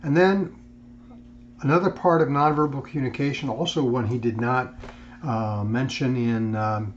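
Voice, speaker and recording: A man giving a recorded lecture in a measured way, with frequent fillers and restarts. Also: mid-range voice, steady tone, lo-fi sound, slight background noise. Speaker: instructor.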